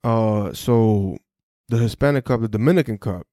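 A man's voice: fairly low pitch, normal speed, dark tone, dry recording, studio quality. A young man hosting a podcast, recounting a personal story in casual street slang, swearing freely and restarting his sentences often. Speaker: podcast host.

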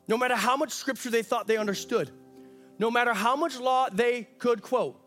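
A man's voice: extremely high pitch, fairly bright tone. A man preaching a sermon as pastor, emphatic, with lots of repetition and acted-out quotes.

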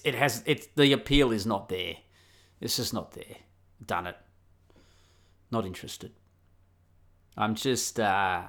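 Bright-voiced Australian man podcasting solo. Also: on the low side. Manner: rambling and candid, frequent restarts and swearing. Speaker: podcast host. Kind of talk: casual solo podcast monologue.

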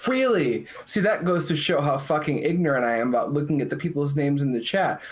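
A man's voice: fairly high pitch, animated, brisk. A man co-hosting a podcast, openly drunk, rambling and swearing in casual chat. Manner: profane, rambling, boisterous. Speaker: podcast co-host.

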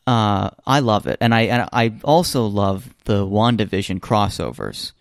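Casting note: American man, casual podcast co-host, rambling and animated, pitch jumping high, dry close sound. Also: measured pace, vocal fry, no echo. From United States. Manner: animated, rambling with many restarts. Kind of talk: casual chat.

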